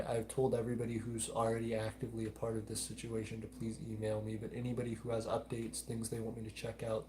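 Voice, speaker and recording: Low-voiced man, mild Southern drawl. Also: mellow. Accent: mild Southern US (Alabama). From Alabama, United States. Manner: earnest, repeats pleas, reads chat aloud. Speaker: live stream host. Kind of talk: live stream chat, reading comments.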